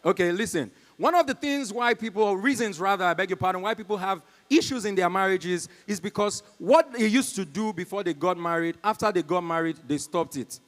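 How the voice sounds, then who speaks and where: A man's voice: high voice, fairly quick, few pauses, fairly bright tone. A Nigerian man doing live stand-up comedy, telling stories and talking to the crowd. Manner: storytelling, talks to the crowd. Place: concert stage in a large hall. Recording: long reverb from a hall.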